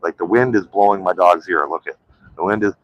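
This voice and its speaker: A man's voice: low voice, fairly quick, lo-fi sound. A man chatting loosely on a live stream, full of "like" and "um", rambling from one thought to the next. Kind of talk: casual live-stream chat.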